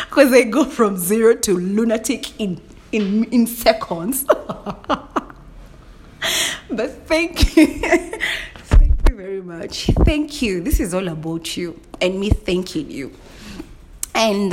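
A woman's voice: medium pitch, a little mellow, slight background noise. A woman hosting a solo podcast, chatting casually and playfully, often breaking into laughter and mock indignation. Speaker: podcast host.

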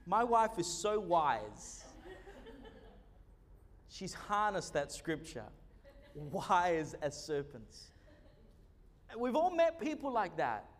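A man preaching a sermon, animated and joking, with many fillers. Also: sits high, slow, pauses often, long reverb tail, slight background noise. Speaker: pastor.

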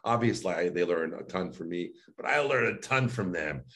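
Interviewed about his work, a male voice and speech coach speaks low-pitched at a moderate pace. He gets animated describing his sessions, playing both coach and client in turn.

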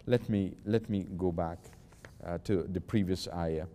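A man's voice: sits low, unhurried, dark tone, long reverb tail. A man giving a patient religious lesson. He recites verses, translates them and explains each word, often repeating himself and restarting with "uh". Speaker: religious teacher.

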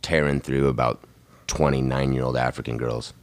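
Very low male voice, dry close sound, joking podcast banter. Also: steady tone, moderate pace, no echo. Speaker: podcast co-host. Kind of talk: casual chat.

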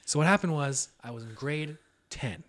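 A young man co-hosting a podcast, telling a story in relaxed casual chat and swearing now and then. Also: on the high side, moderate pace. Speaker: podcast co-host.

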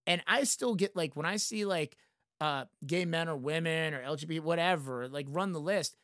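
A man in his thirties talks through a casual podcast chat, rambling and animated, with plenty of filler words. His voice sits a little high for a man. The sound is very dry and close, with no room around it. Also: normal speed, dry recording. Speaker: concert venue manager.

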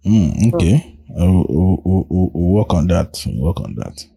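A man's voice: deep voice, animated, moderate pace, creaky, mellow, breathy edge. A man with a Nigerian accent hosting a casual group discussion in an online audio room, firing off emphatic rhetorical questions. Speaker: host.

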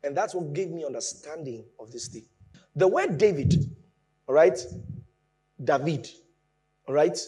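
A man preaching a sermon, explaining with lively emphasis that rises from quiet asides to raised points. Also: a little high, fairly quick, slightly rough.

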